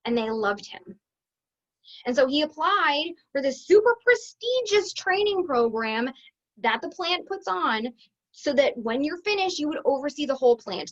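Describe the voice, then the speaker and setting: A woman with a high voice tells a personal story to her viewers, chatty and expressive. The recording sounds a little dull and lo-fi. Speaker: business coach.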